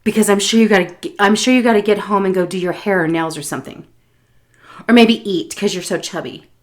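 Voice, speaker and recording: A woman's voice: medium pitch, a little fast, lightly acted. A woman voicing a cranky elderly female client with a snide, guilt-tripping manner. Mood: sarcastic.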